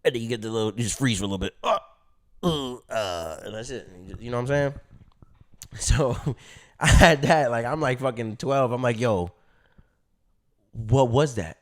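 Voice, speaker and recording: A man's voice: mid-range voice, moderate pace. A young man vlogging, telling a story in a casual, slangy way and acting out his own past reactions.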